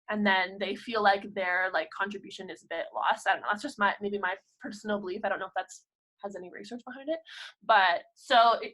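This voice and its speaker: Bright, lively young woman teacher. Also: mid-range voice, poor audio. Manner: animated, quick, acts out classroom quotes. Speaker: kindergarten French immersion teacher, host. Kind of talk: casual group chat.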